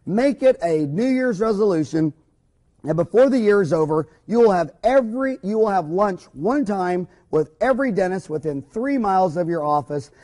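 A man's voice: high voice, animated, normal speed, dark tone. A man, a dentist, giving an informal recorded lecture to other dentists, talking in an emphatic, folksy, rambling way with many asides.

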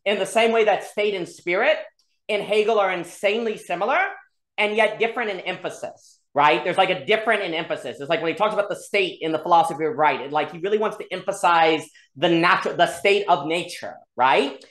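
A discussion host on a video call who thinks aloud, hedges often and builds ideas in quick repetitive loops. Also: mid-range voice, fairly bright tone. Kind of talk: casual philosophical discussion online. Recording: roomy video call audio.

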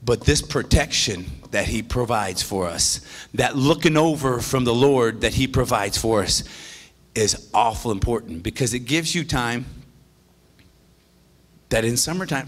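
A man with a medium-pitched voice and slightly slow delivery preaches a sermon as pastor, animated and excited. He swings between loud exclamations and hushed confession, often restarting his phrases.

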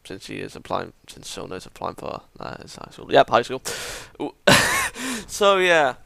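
A man's voice: mid-range voice, sing-song, moderate pace, gravelly, fairly bright tone, no echo. A man chatting casually through an anime review, rambling and acting out characters' lines as he retells scenes.

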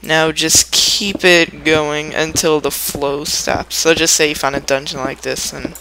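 Young gamer, bright gravelly voice. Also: male voice, fairly high pitch, flat delivery, measured pace, slight background noise, poor audio. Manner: rambling, playful, humming sound effects while building. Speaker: gameplay tutorial maker. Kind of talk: casual gameplay tutorial commentary.

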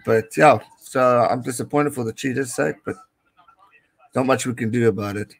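A man's voice: mid-range voice, low-quality recording. A young man from South Africa with a South African accent, talking through a rugby match for his live-stream viewers. He chats casually, greets people in the chat, and slips Afrikaans words into his English. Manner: chatty, mixes English with Afrikaans phrases. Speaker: live stream host giving rugby commentary.

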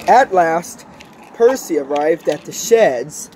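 A narrator reading a children's railway story in a measured, expressive way. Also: medium pitch, a little hiss or hum.

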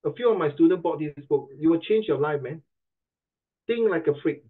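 Joking Singaporean tutor on a tinny line. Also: male voice, fairly high pitch, animated, normal speed. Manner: playful, joking, rhyming wordplay. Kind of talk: online class lecture.

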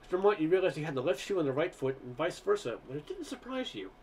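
A man's voice: on the high side, very animated, very fast, a little mellow, a little hiss or hum. Man reading a story aloud, conversational. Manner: conversational, with occasional stumbles. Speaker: narrator. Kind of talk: first-person story reading.

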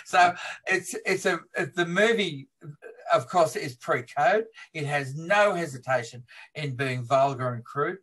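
A man being interviewed as a film historian, retelling film scenes in a lively way and laughing as he talks. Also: fairly high pitch, unhurried, breathy edge. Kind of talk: animated interview storytelling.

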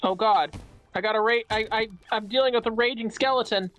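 A man chatting casually while playing a video game, reacting excitably with frequent swearing. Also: high voice, a little fast, dull audio, faint music behind. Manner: excitable, swears often in exclamations. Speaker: gamer. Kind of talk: casual gaming chat.

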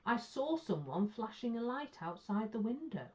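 A woman's voice: a little high, very animated, moderate pace, pitched above the performer's own voice. A woman doing a polite earnest young bear. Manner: earnest, patient explaining. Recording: muffled lo-fi sound.

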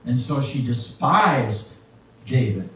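A man preaching a sermon and reading scripture aloud in a slow, reflective way. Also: medium pitch, expressive. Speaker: pastor. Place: church. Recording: echoey, distant, muffled church recording.

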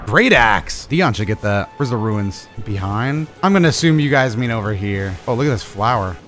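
Young man, gaming commentary, excitable, swears a lot, swooping voice, faint music behind. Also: lowish voice, moderate pace. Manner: excitable, profane, trash-talking, laughing often. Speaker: gaming channel host. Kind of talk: casual let's play commentary.

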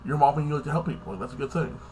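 Man rambling through a show recap, slightly high voice. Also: racing, a little mellow, a little hiss or hum. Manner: rambling, fills with "like this" and "like that"; swears casually. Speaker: TV episode reviewer.

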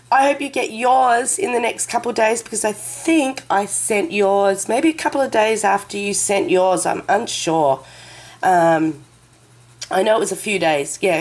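A woman vlogging to camera as she opens a parcel, chatting casually and gushing with excitement. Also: mid-range voice. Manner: gushing and excitable, breaks into delighted exclamations. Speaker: craft vlogger. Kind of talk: casual unboxing chat to camera. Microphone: camera mic a short way off.

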